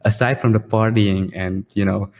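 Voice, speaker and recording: A man's voice: fairly low pitch, fairly even intonation, moderate pace, darkish tone, in a large hall, faint music behind. A man co-hosting a casual chat, asking curious questions full of "like" and "you know". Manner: curious, asks questions with lots of fillers. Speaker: co-host. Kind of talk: casual conversation.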